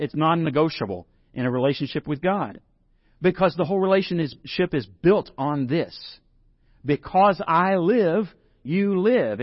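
A man's voice: on the high side, dry recording, lo-fi sound. A man preaching a sermon in a conversational way, rising to emphatic scripture reading. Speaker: pastor.

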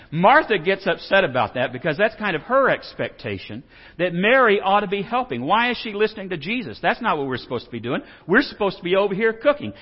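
Male Bible teacher, jokey and folksy, dull lo-fi pickup with long reverb. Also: high voice. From Texas. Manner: folksy, joking, asks the audience questions. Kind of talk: animated Bible lesson. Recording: dull reverberant hall sound.

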